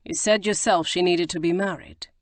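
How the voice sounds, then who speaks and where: Woman doing a dry, level-headed gentleman. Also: fairly low pitch, fairly even intonation, dry recording, lightly acted. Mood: wry. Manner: dry, measured.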